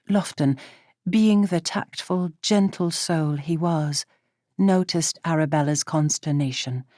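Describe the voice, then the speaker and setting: A woman narrating a period romance audiobook in a measured storytelling manner. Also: fairly low pitch, dark tone, no room sound, studio quality. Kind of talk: scripted narration.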